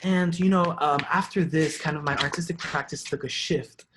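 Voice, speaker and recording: Young man from Haiti, earnest personal storytelling, reflective, stumbles and repeats, fairly high voice. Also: steady tone, normal speed, background noise. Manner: earnest, reflective, with many restarts and repeated words. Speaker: artist giving a talk.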